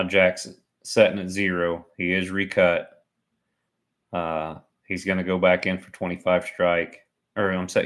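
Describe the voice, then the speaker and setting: This livestream commentator has a deep voice that's a bit bright. He chats through a sporting event live, joking around and making fun of himself.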